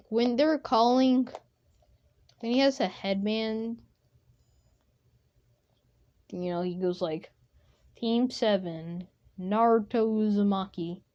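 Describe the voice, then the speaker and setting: Woman, medium pitch, rambling casual storyteller, unhurried; dull lo-fi recording. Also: darkish tone. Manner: rambling, full of fillers like 'you know'. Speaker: fan storyteller. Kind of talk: casual improvised fan-fiction retelling.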